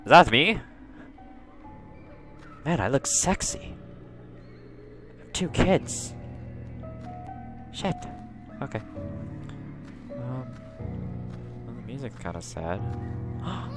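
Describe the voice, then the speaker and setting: Jittery young man over loud game music. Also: medium pitch, very animated, slow pace, long pauses. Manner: nervous chatter that breaks into loud panicked yelps. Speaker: gaming YouTuber. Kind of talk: let's play commentary.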